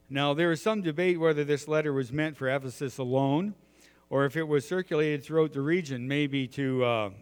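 A man's voice: mid-range voice, in a large hall. A middle-aged man, preaching a sermon in a folksy storytelling way with many filler words.

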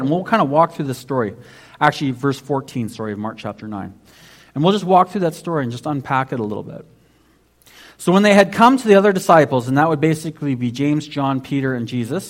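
Conversational male preacher, slightly high voice. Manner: conversational preaching, many restarts and "basically". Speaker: pastor. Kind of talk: sermon.

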